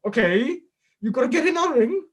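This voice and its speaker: A woman's voice: sits high, lively intonation, normal speed, breathy edge, pitched above the performer's own voice. A man putting on a bossy Welsh woman. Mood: angry. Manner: scolding, barking orders. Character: sweet-voiced woman, bossy, angry.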